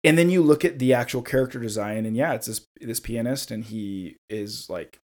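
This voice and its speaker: A man co-hosting a relaxed podcast about games. His voice sits at an ordinary middle pitch and climbs when he gets excited. He slows into a steady storytelling read when he reads a passage aloud. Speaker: podcast co-host. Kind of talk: casual chat about a video game.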